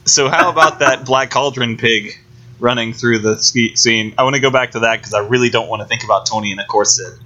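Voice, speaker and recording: Bright-toned man with wry asides. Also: medium pitch, a little fast, muffled recording, slight background noise. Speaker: podcast co-host. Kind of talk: casual chat recapping a film.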